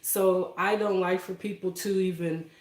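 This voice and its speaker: A woman hosts a casual live-stream chat with viewers from a roomy home kitchen, emotional and soft-spoken and laughing often. Her voice sits on the low side, a little slow, with fairly even intonation.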